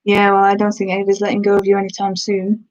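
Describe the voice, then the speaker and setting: A woman's voice: mid-range voice, completely flat delivery, quick pace. Chatty woman streamer, dull lo-fi audio. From Black Country, England. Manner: chatty, answering viewers' comments. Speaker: ASMR streamer. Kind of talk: casual live-stream chat with giantess role-play.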